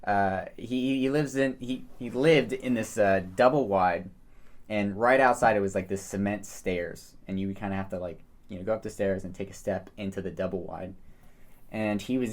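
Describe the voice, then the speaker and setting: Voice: deep voice, a little mellow. A podcast co-host in casual chat, telling loose, profane stories and laughing through them.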